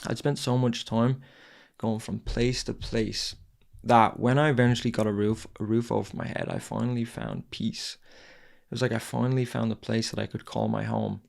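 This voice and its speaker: A man's voice: medium pitch, lively intonation, moderate pace, vocal fry. A man hosting a podcast and telling a raw, candid personal story, swearing and repeating his phrases. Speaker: podcast host.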